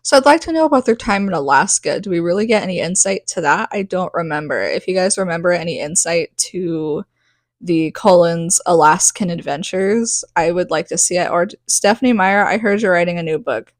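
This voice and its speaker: A woman's voice: lowish voice, animated, no room sound. A woman in her thirties hosting a podcast, rambling through a casual book recap with lots of "like". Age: 30s. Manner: rambling, full of "like", acts out quick asides. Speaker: podcast host recapping a novel.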